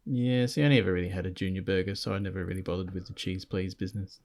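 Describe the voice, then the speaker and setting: Gravelly low-voiced man cracking dry jokes. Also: fairly even intonation, darkish tone. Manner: dry, quick punning remarks. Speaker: podcast co-host. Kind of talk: casual comedic podcast chat.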